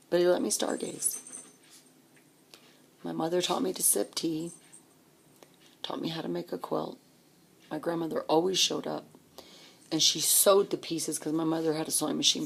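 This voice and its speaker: A woman in her fifties recalling her childhood, telling stories in an animated, reminiscing way. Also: low-pitched, gravelly, slightly rough. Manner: animated, reminiscing, acts out voices. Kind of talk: personal storytelling.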